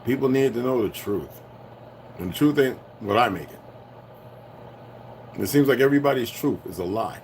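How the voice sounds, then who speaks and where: A man ranting to his viewers in a loose, profane monologue that swings between heated outbursts and low muttering. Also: animated, normal speed, pauses often, darkish tone, slight background noise. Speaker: vlogger. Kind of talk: rambling solo rant.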